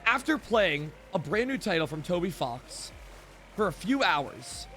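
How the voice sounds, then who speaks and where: High-voiced man rambling through a story. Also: sing-song, a little slow, pushed and bright, faint music behind. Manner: rambling, full of "like" and restarts. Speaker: streamer. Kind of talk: casual storytelling to stream chat.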